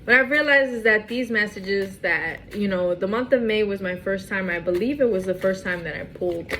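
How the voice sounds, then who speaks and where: A woman's voice: medium pitch, moderate pace, fairly bright tone, slight background noise, low-quality recording. A woman doing a casual tarot reading to camera, emphatic and repetitive, often restarting her phrases. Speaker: tarot reader.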